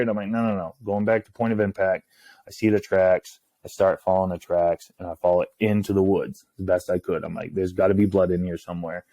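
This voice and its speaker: A man, a hunting guide, telling a story in casual talk, acting out the lines of others in a hushed voice. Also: low-pitched, fast talker, no room sound. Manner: animated, acts out quoted lines in a hushed voice.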